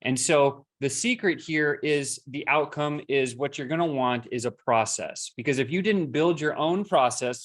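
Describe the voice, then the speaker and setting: A man giving an energetic, conversational sales training talk to an audience, acting out bits of dialogue as he goes. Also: fairly high pitch. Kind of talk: presentation to an audience.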